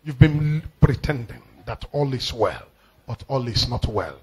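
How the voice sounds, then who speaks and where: A man with a Nigerian accent preaching a live prophetic sermon as a pastor, commanding and emphatic, repeating phrases and breaking into shouted declarations. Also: mid-range voice, very animated, unhurried, husky, rough recording.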